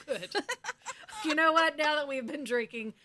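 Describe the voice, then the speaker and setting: A woman co-hosting a casual recap podcast, reacting and chiming in with quick, chatty comments. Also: high voice, bright, forceful tone, slight background noise. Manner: chatty, laughs and chimes in. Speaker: podcast co-host.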